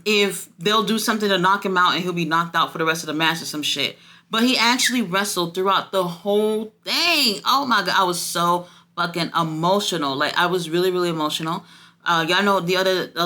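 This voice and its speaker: Excitable woman gushing about wrestling. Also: on the low side. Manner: excitable, swears freely, gushing, many fillers. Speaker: wrestling reviewer. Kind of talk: casual review chat.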